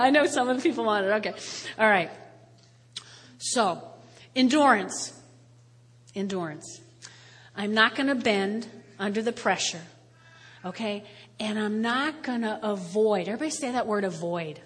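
A high-voiced woman in her fifties delivers a sermon with lively, joking storytelling. Her tone is bright and ringing, and a long reverb from the church hall trails behind every phrase. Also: husky. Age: 50s. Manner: animated storytelling with playful voices. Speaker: pastor.

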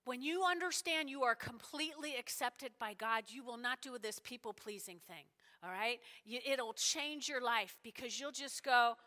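A woman's voice: fairly high pitch, moderate pace, hardly any pauses, bright, forceful tone. A woman preaching a sermon, telling a story and acting out the voices of the people in it. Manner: storytelling, acts out quoted voices, emphatic. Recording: long reverb of a large hall.

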